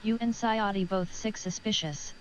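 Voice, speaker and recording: Robot lady tts voice reading chat msgs, flat and mechanical. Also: medium pitch, normal speed, lo-fi sound. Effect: text-to-speech robot voice. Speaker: chat reader.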